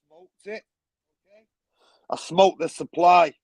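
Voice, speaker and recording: A man's voice: on the high side, fairly even intonation, unhurried, gravelly, a little mellow, no echo, low-quality recording. A man telling stories as a guest on a talk show, blunt and swearing freely, with a lot of "you know what I mean". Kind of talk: casual storytelling.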